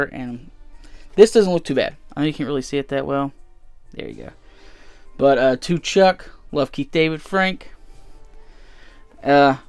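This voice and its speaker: Showing off what he picked up at a convention, a male vlogger chats loosely and meanders, with lots of filler words. His voice is medium in pitch and clean, with no echo.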